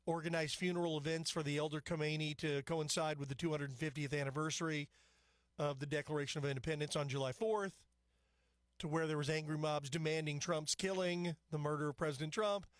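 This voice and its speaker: A man's voice: a little high, no echo, clean studio sound. Chatty man hosting talk radio. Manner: rambling, opinionated and chatty, with frequent asides. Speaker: radio talk show host. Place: radio studio. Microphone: studio microphone.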